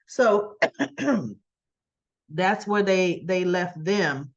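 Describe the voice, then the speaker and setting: A woman casually retelling soap opera scenes, chatty, often clearing her throat and acting out bits of dialogue. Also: lowish voice, extremely slow, dull audio. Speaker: soap opera recap host.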